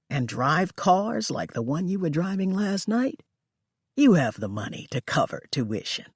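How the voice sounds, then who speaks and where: The narrator voicing a gruff middle-aged male detective who smokes, speaking in a low, serious, calmly menacing voice. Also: no room sound, studio quality. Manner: calm, coolly menacing.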